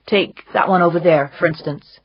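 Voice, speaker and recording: A woman's voice: fairly low pitch, normal speed, breathy edge, muffled recording. Woman doing a drawling, wry older man. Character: amused, urbane older man, teasing and worldly.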